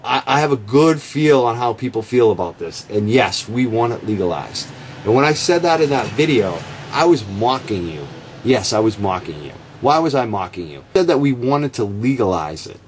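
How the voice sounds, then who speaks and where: A man's voice: medium pitch, breathy edge. A man delivering a combative, sarcastic rebuttal straight to camera, calling out his opponent by name. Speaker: marijuana reform activist. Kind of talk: direct-to-camera rebuttal rant.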